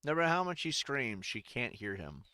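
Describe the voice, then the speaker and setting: Brief: lively-pitched streamer, crude jokes, dry close sound. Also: moderate pace, dry recording. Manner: crude, joking, frequently laughing. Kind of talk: casual gameplay commentary.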